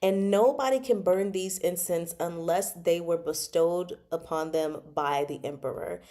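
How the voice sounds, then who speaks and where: A woman's voice: fairly low pitch, measured pace, mellow. A woman chatting casually about a novel she is reading, digressing often and laughing between remarks. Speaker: book club host.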